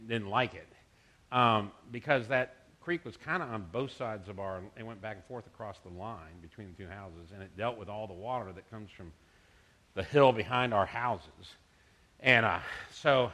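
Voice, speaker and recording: A middle-aged pastor preaches in an easy, conversational way, moving between scripture and stories from his own life. His voice is bright and forward. He talks to the congregation like neighbors. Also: mid-range voice. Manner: conversational preaching with personal anecdotes. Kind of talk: sermon.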